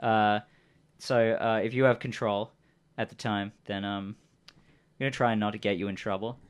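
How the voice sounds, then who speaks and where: Easygoing man with a smooth voice. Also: lowish voice, fairly even intonation, normal speed. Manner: rambling, easygoing, many fillers. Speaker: game master and co-host. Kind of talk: casual stream chat and game narration.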